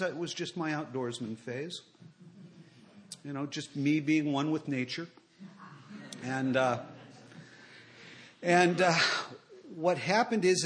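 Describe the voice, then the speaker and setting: A middle-aged man with a somewhat high-pitched voice tells his personal story to a listening crowd. He talks in a wry, self-mocking way, and his loudness swings widely from sentence to sentence. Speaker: speaker sharing his recovery story. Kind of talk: personal storytelling talk to an audience.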